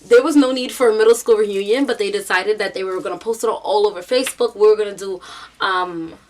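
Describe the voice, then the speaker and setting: At a slightly fast clip and medium pitch, a young woman vlogger from the US with a New York accent recounts a story casually. She animates the characters with quoted voices and leans heavily on "like" and "um."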